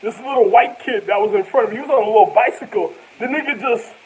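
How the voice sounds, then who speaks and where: A man's voice: very high-pitched, fast, a little mellow, dull audio, slight background noise. A man telling rambling stories to camera in loose slang, laughing often as he goes. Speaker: vlogger. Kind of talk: casual storytelling to camera.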